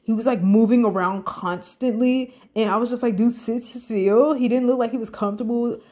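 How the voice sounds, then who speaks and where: A woman giving casual, profane commentary on a reality show, animated and incredulous. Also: fairly high pitch, a little fast.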